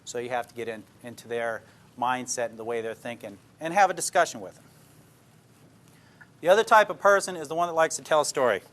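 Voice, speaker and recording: In a medium-pitched voice with a fairly bright tone, an older police detective speaks a little quickly. He's giving an informal talk to a class, telling anecdotes plainly and checking in with the people listening.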